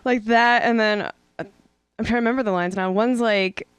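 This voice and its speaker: A woman's voice: on the high side, fairly even intonation, moderate pace, clean tone, no room sound. A woman co-hosting a podcast who makes dry, teasing jokes and laughs often in casual chat. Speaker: podcast co-host.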